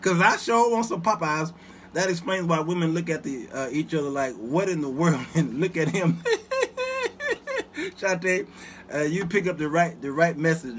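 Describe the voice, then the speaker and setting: A host spins comedic stories for viewers in his chat, his high voice full of swooping, lively pitch. Animated and quick to laugh, he often breaks into asides and answers viewers back, while a faint hiss runs underneath.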